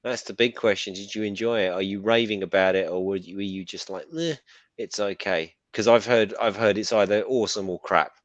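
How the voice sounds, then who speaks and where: A man co-hosting a casual live stream, animated and emotional, swearing freely as he tells stories. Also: lowish voice, brisk, hardly any pauses, no room sound, highs cut off. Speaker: podcast co-host.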